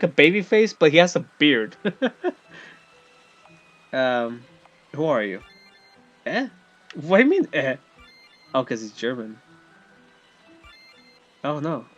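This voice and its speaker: A man's voice: fairly high pitch, big pitch swings, unhurried, pauses often, fairly bright tone, muffled recording, soft background music. A man chatting casually while playing a game, laughing often and joking at himself. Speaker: gamer.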